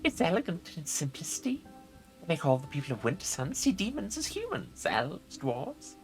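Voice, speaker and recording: A man's voice: a little high, huge pitch swings, normal speed, soft background music, pitched above the performer's own voice. A man voicing an airy, otherworldly female demon who sounds insect-like and mocking.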